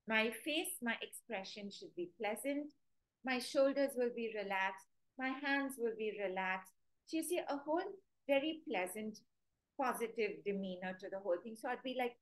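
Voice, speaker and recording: A woman's voice: mid-range voice, lively intonation, normal speed, rough recording. A woman giving a live webinar lesson as a dog trainer, chatty and quizzing her viewers. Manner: chatty, asks the audience direct questions; acts out stern and sweet commands to dogs.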